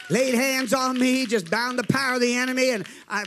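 A man's voice: extremely high pitch, a little fast, hardly any pauses, pushed and bright, slight background noise. A man preaching a fervent sermon, telling his testimony, calling to the crowd and acting out the voices in his story.

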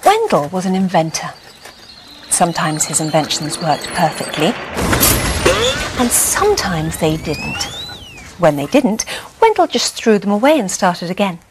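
A woman reading a bedtime story aloud in a gentle, expressive way. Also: on the low side, unhurried, pauses often, background noise.

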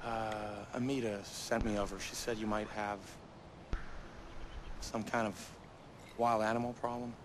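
An actor voicing a calm young male hero who speaks in a matter-of-fact way. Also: on the low side, a little slow, pauses often, lightly acted. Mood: flat. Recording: noisy game audio.

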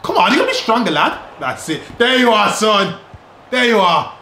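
A man's voice: high voice, very animated, moderate pace, sharp tone, slight background noise. A man, a dad playing a video game with his son, joking and teasing and slipping into mock sports commentary in a room at home. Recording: roomy echo.

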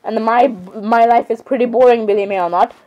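A woman's voice: on the high side, fairly quick, dark tone, highs cut off. A thirteen-year-old girl chatting while gaming, rambling and dramatic. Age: teens. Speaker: gamer. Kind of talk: casual gameplay chatter.

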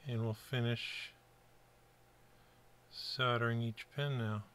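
Middle-aged american guy from buffalo, bright kinda forward voice, easygoing rambly workbench talk. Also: mid-range voice, fairly even intonation, takes it slowly, a little hiss or hum. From Buffalo, New York area, US. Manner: chatty, rambling asides with fillers. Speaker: kit-building hobbyist. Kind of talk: casual workbench narration.

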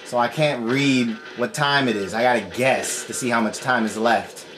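A man's voice: mid-range voice, moderate pace. A man giving casual gameplay commentary, frustrated and swearing constantly. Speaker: let's play gamer. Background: game music.

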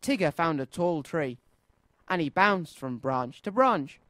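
A man presenting a children's radio show, reading a storybook aloud in an expressive, sing-song way. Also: a little high, a little slow, no echo.

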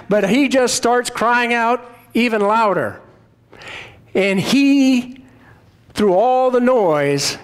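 A man preaching a sermon, retelling Bible stories in a conversational, storytelling way. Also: high voice. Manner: storytelling, conversational, retells scripture in quoted voices. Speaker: pastor.

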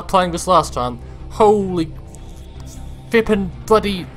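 This let's-play commentator has a high voice and takes his time, with frequent pauses and faint music in the background. He chats to himself and his viewers as he plays. He's excitable, and startling moments get a yelp and some swearing out of him.

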